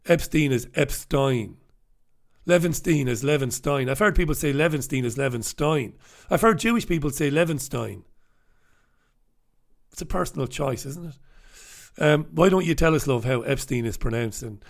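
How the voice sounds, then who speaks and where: Man, fairly high voice, sarcastic and profane, casual commentary, wandering mocking asides. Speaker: newspaper review host.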